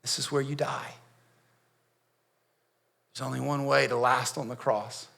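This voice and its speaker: A man, a pastor, playing Barabbas in a dramatic first-person monologue, dropping to hushed near-whispers and rising to pleading outbursts, with sharp gasps between phrases. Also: medium pitch, little pitch movement, measured pace, vocal fry. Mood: hushed, grim. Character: Barabbas, a grown man, haunted and shaken.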